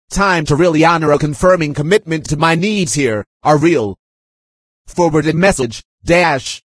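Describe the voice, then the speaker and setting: Husky-voiced man reading a message aloud. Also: on the high side, dry recording. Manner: reads punctuation and spellings aloud, dictation-like; aggrieved, insistent.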